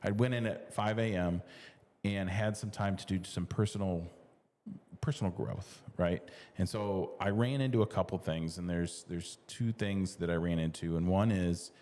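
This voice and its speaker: A man's voice: sits low, normal speed, darkish tone, big-room sound. A middle-aged man co-hosting a casual talk show, talking in loose restarts with lots of fillers and easy laughs. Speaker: podcast co-host. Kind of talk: casual conversation.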